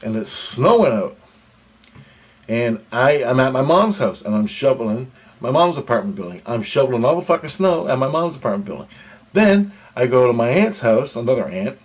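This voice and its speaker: A young man with a voice of average pitch talks his way through a dream in a loose, rambling monologue. He swears constantly and keeps checking in with "right?" and "okay?" as he goes. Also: husky. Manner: heavy cursing, rambling, repeats "right?" and "okay?". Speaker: vlogger. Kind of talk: casual monologue recounting a dream.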